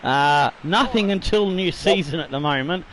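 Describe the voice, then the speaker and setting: A man's voice: a little high, normal speed, a bit bright, poor audio. A man hosting a football video game let's-play in a chatty, rambling way, a bit tipsy with slightly slurred words and casual swearing. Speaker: gaming YouTuber host.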